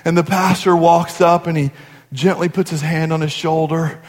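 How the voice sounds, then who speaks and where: A man's voice: a little high, fairly even intonation, moderate pace. A man in his forties, a pastor giving a sermon in an earnest, conversational storytelling way. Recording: long hall reverb.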